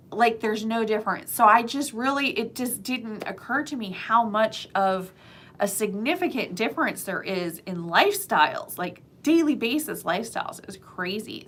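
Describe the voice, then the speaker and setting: A chatty woman talks casually to the camera in a bright, forceful voice. She is animated and quick to laugh, with plenty of fillers between thoughts, and her pitch sits in a middle range for a woman. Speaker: realtor. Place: lives in Florida.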